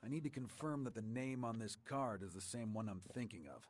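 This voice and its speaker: An actor playing a stern, gruff male camp commander in a video game, speaking in a curt, commanding way. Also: mid-range voice, brisk, close to an everyday voice.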